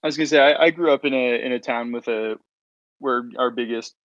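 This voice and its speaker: A man's voice: medium pitch, fairly quick, fairly bright tone, dry recording. A man from the Sacramento area in casual podcast chat, offering hedged opinions on a dull lo-fi mic. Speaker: podcast panelist.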